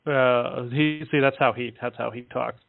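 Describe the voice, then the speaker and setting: Halting man on a tinny phone line. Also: mid-range voice, steady tone, creaky, no room sound. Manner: halting, full of "uh" fillers. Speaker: guest relaying contact reports. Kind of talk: casual call-in talk.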